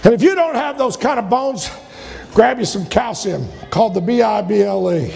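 A male pastor delivering a sermon in a high, rough, gravelly voice. He climbs to shouted peaks and then falls suddenly quiet. The sound carries a long church-hall reverb. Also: expressive, moderate pace, soft background music. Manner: preaching with loud shouted peaks and sudden drops.

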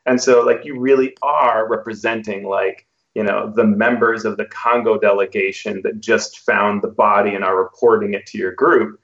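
A podcast host gives relaxed advice on running tabletop games. His voice sits low and has a gravelly fry. The sound is muffled and lo-fi. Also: moderate pace, few pauses. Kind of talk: podcast discussion. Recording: dull lo-fi sound.

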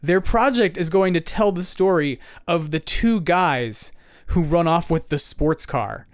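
A man's voice: a little high, lively intonation, dry recording, studio quality. Laughing, chatty man hosting a podcast. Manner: chatty, laughs often, quick asides. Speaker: podcast host. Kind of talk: casual chat.

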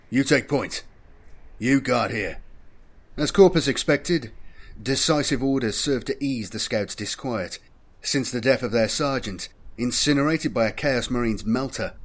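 Male audiobook narrator, scripted narration, steady, measured delivery, mid-range voice. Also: mid-range voice.

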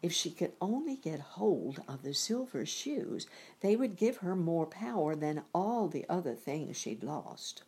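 A woman reading a storybook aloud with slow, expressive narration. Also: lowish voice, breathy edge. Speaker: audiobook reader.

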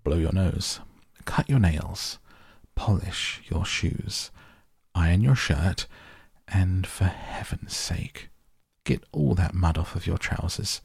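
A man voicing an excitable, spry old grandfather who talks in eager, bossy bursts. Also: low voice, slow pace, vocal fry, slightly rough, dry recording, clean studio sound, full character voice. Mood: urgent.

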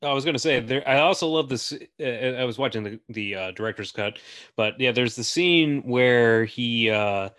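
A man's voice: medium pitch, moderate pace, a bit bright, dry recording, studio quality. A man hosting a podcast, chatting casually about films with frequent fillers and restarts. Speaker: podcast host. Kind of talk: casual film discussion.

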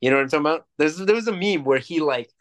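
A man's voice: on the high side, lively intonation, very fast. A man co-hosting a casual podcast, talking in a rambling, emphatic way with plenty of swearing. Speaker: podcast co-host. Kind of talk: casual chat.

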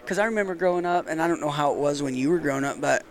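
A man in a casual conversation, telling about a hunting trip with his young son in a relaxed, reflective way. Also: a little high, very fast. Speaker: conversation partner and father. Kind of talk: casual chat.

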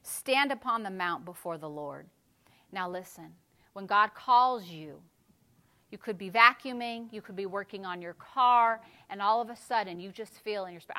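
A woman pastor preaching a sermon, dropping to a hush and then building to loud, fervent exhortation. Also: medium pitch, moderate pace.

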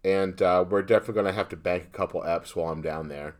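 A man's voice: deep voice, fairly even intonation, fast. A man co-hosting a casual podcast, swearing freely and joking crudely with his friend. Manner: crude, swears a lot, playful. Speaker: podcast co-host.

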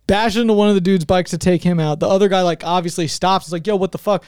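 Man telling animated stories. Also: high voice, quick pace, clear, resonant tone, dry recording, clean studio sound. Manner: animated storyteller, acts out quotes. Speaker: podcast co-host. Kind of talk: casual chat.

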